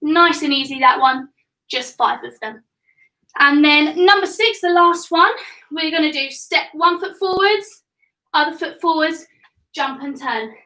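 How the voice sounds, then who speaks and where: Bright-voiced woman coaching kids. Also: high voice, measured pace, echoey room, far from the mic, rough recording. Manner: upbeat, encouraging, counting reps aloud. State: getting out of breath. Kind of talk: live home workout class for children. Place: home room.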